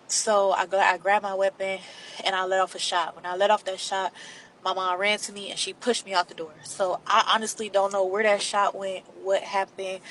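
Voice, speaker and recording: A woman's voice: on the low side, fairly bright tone, a little hiss or hum, poor audio. Candid woman telling a storytime vlog. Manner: candid, blunt, addresses viewers as y'all. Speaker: vlogger.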